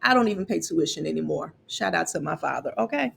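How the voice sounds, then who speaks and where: A woman's voice: low-pitched, lively intonation, fast, gravelly, a little hiss or hum. A middle-aged woman from Chicago candidly recounting her college years, getting emotional and repeating words as she talks. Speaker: college financial aid vlogger. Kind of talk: personal storytelling to camera.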